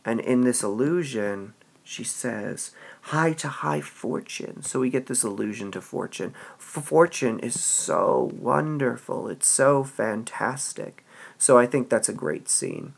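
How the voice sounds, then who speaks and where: A man teaching a literature lesson, reading passages aloud and explaining them with a lively manner and frequent "all right"s. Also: medium pitch, measured pace, creaky, breathy edge.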